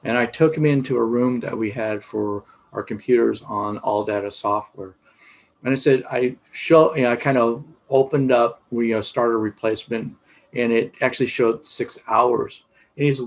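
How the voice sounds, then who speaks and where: Rambling middle-aged auto instructor. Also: male voice, mid-range voice, moderate pace, rough recording. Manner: rambling, many fillers and restarts. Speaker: automotive instructor. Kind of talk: casual teaching talk.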